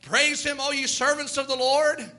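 A man's voice: very high-pitched, little pitch movement, moderate pace, bright, forceful tone. A man preaching a sermon, reading scripture and urging his congregation to praise with fervent, rhythmic delivery. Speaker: pastor.

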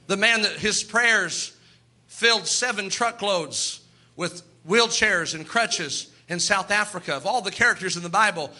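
A man's voice: sits high, bright, forceful tone. A man preaching a sermon, telling Bible stories and acting out the characters' voices, building up with emphatic repetition. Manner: storytelling, acts out Bible characters in quoted voices.

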